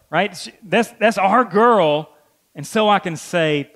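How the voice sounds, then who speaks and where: A man's voice: on the high side, moderate pace, fairly bright tone. A middle-aged man preaching a sermon, earnest, repeating key phrases for emphasis. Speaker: pastor.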